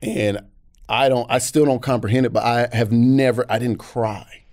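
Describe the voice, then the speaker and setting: A man's voice: mid-range voice, moderate pace, no echo, clean studio sound. An American man, a comedian guest, telling personal stories candidly and acting out other voices. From United States. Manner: animated, acts out voices. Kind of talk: candid storytelling chat.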